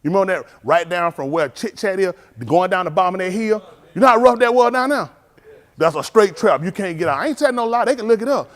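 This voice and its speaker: Animated high-voiced male preacher. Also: fast talker. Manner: animated storytelling, acts out voices, laughs. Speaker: pastor. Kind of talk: informal sermon with street stories.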